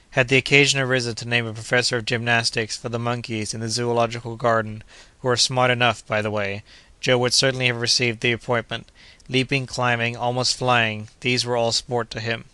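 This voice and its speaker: A man reading a classic adventure novel aloud as an audiobook narrator, in a measured, even manner. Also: medium pitch, clear, resonant tone, no echo. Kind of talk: scripted narration.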